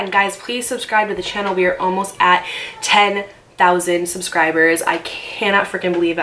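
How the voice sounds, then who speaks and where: A young woman telling a personal story in a casual vlog, animated and emphatic, swearing freely. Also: fairly low pitch, slight background noise.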